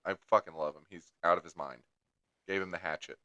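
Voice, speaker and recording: A man's voice: low-pitched, steady tone, fast talker, bright, forceful tone, no room sound, muffled recording. A young man co-hosting a podcast, telling rambling stories in casual chat and swearing heavily. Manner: crude rambling storyteller, heavy swearing. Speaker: podcast co-host.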